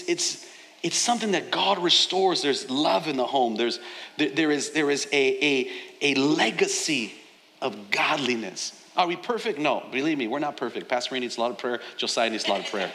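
A male pastor preaching a sermon, moving from soft, tearful storytelling to loud, shouted preaching. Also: medium pitch. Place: large church hall. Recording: long hall reverb, faint room noise.

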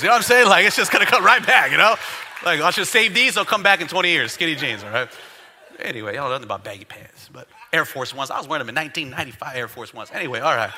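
Male pastor, high voice, very bright, jokes and rallies the congregation. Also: fast talker, a little hiss or hum. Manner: animated, joking, calls for crowd response. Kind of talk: sermon.

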